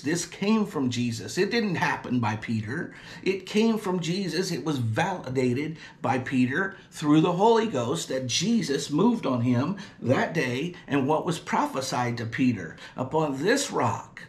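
A man's voice: a little high, roomy sound. A man preaching a sermon, emphatic and repetitive, stopping often to say amen.

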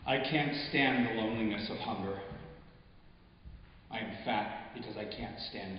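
A man reading his own short stories aloud at a live event, in a measured, intimate way that sinks softly at quiet moments. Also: on the low side, slight background noise. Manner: measured, intimate storytelling with soft drops. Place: arts venue stage, before an audience. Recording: echoey hall, dull muffled sound.

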